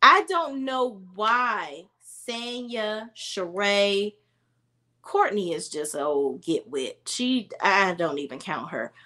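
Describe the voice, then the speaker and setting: Her medium-pitched voice is expressive and sharp, and she takes her time. Recapping an episode of reality TV, she offers blunt, exasperated opinions in a casual, slang-heavy storytelling style.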